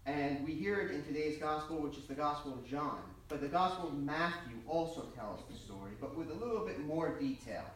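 A man preaching as a priest, telling stories and repeating his points in a plain, conversational way. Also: a little high. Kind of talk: sermon with storytelling. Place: large church. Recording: very echoey church from far off.

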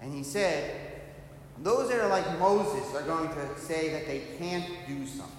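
A middle-aged priest tells a story in his sermon and acts out the voices in it. His voice sits a little high for a man. He is recorded in a church hall that echoes heavily, with a long reverb tail and faint noise underneath. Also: unhurried.

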